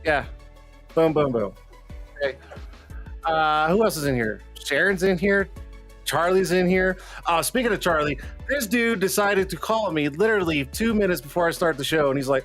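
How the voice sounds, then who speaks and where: A man's voice: fairly high pitch, animated, normal speed, fairly bright tone, soft background music. A man hosting a casual live online show, joking and teasing his guests and laughing often. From Colorado. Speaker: livestream show host.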